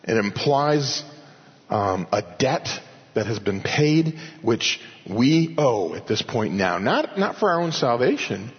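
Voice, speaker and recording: A man preaching an expository sermon in earnest, slowing down and rising in pitch to stress key points. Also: big pitch swings, husky. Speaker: pastor. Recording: dull audio with long hall reverb.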